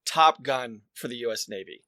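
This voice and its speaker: A man's voice: mid-range voice, animated, normal speed, sharp tone, no echo, clean studio sound. A man co-hosting a podcast, teasing his guest and joking in casual chat. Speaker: podcast co-host.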